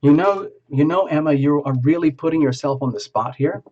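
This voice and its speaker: A man's voice: fairly high pitch, a little fast, a little mellow. Man giving a dull lo-fi tarot reading. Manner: improvising, talking step by step to the viewer. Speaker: tarot reader. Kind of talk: live video reading to a viewer.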